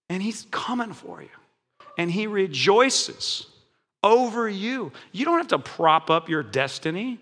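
A man preaching as a pastor in a church, lively and conversational, laughing now and then. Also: sits high, measured pace. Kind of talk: sermon. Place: church sanctuary. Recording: long church hall reverb.

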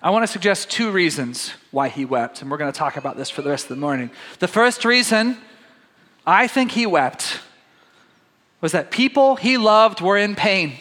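A man's voice: high-pitched, animated, normal speed, bright, forceful tone, big-room sound. A man preaching a sermon, reading scripture aloud and talking it through conversationally with his congregation. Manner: conversational, addresses congregation as "guys". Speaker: pastor.

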